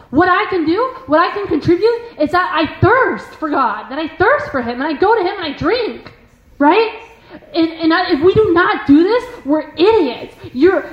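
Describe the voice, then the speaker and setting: A woman's voice: high-pitched, animated, moderate pace. A woman, a religious sister, gives an informal spiritual talk. She speaks earnestly and emphatically, with many filler words and repeated phrases. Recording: echoey room, muffled sound.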